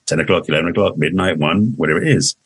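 A man in his sixties with an English accent speaks quickly in a deep, slightly husky voice. He rambles and restarts his sentences in easy conversation. The recording is dry and close. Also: no echo. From England. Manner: rambling, restarts often, laughs easily. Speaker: guest. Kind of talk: casual interview conversation.

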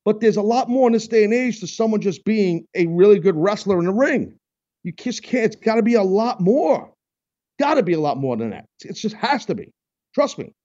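A man's voice: high voice, animated, brisk, mellow, highs cut off. A man hosting a live talk radio show, ranting bluntly and repeating himself as he argues about wrestling. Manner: blunt, heated, repetitive ranting. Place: radio studio.

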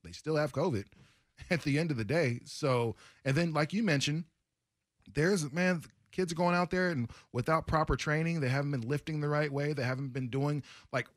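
A man co-hosting sports talk radio, giving opinions in an animated, rambling, casual way. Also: mid-range voice, no echo, studio quality.

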